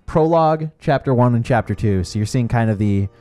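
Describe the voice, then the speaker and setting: A man's voice: medium pitch, lively intonation, a little fast, mellow. Easygoing guy chatting over gameplay, keeps restarting sentences, faint game music behind. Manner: chatty, good-humored, often restarts sentences. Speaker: co-host showing gameplay. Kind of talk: casual gameplay commentary.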